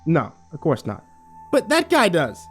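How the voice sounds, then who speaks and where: Female deputy doing damage control, put on by a male narrator; measured. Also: a little high, huge pitch swings, a bit bright, slightly rough, soft background music, voice pushed up, heavily acted. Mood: flustered. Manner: placating, measured. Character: female deputy, calm, placating.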